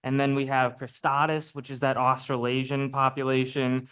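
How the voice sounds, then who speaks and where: A man giving a chatty, lively talk to a live audience as a naturalist, often checking in with "right?" and "okay?". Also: mid-range voice, normal speed, clear, resonant tone. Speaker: naturalist speaker. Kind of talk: public lecture with slides. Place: lecture room before a live audience.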